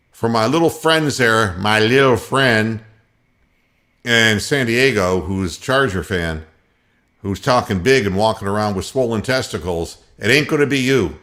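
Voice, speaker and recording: A man's voice: on the low side, a bit bright. A man hosting a sports radio show, giving a profane, sarcastic rant about biased officiating. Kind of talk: ranting sports commentary.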